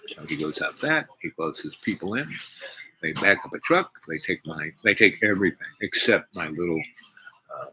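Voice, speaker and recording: A man's voice: low-pitched, sing-song, moderate pace, sharp tone. An older man telling a rambling personal story, meandering through restarts and asides. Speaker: speaker. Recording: noisy recording with clicks.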